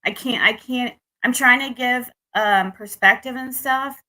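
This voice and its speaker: A young adult woman from the United States talks through a dating disappointment for her channel, looping back and restarting as she vents. Her voice is bright and ringing, sitting a little higher than most women's. She sounds frustrated and candid. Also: unhurried. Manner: rambling, restarts, frustrated venting. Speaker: vlogger. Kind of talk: casual personal story to camera.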